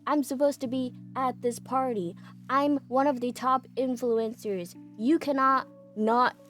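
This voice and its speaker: A woman's voice: steady tone, unhurried, soft background music. Woman putting on a shrieking, furious influencer. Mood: indignant. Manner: yelling, shrill and raised. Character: loud furious woman influencer, bitter and entitled.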